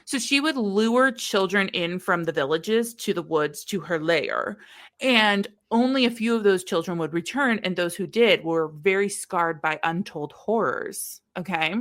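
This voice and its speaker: A woman co-hosting a podcast, telling a book's plot as a chatty, animated storyteller with quick asides. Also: lowish voice. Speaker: podcast co-host recapping a book. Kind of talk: casual chat.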